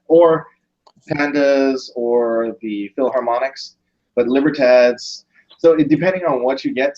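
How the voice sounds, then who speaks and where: A man hosting a casual video call, talking through his points with restarts and pauses. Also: medium pitch, darkish tone, poor audio. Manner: thinks aloud with restarts. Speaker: host. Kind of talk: casual chat.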